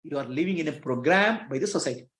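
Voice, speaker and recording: A man's voice: on the high side, animated, fast, fairly bright tone. A man giving a spiritual teaching talk, asking his listeners rhetorical questions and chuckling between points. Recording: echoey room.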